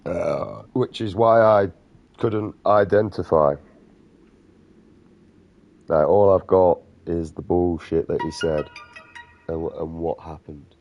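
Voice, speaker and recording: A man's voice: sits low, steady tone, takes it slowly, pauses often, dull audio, faint music behind. A man ranting casually and profanely over gameplay, rambling between stories and mocking jabs. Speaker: gaming vlogger.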